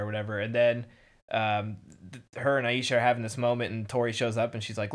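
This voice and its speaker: A man's voice: on the low side, little pitch movement. A man in casual chat recapping a TV episode, rambling with lots of fillers and acting out characters' lines. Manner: rambling, filler-heavy, acts out characters' lines in quick voices. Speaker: podcast co-host.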